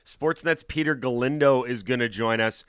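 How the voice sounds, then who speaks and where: A man hosting a sports radio show, briskly and eagerly running through the evening's schedule. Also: mid-range voice, a bit bright, clear, resonant tone, no echo, studio quality. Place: radio studio.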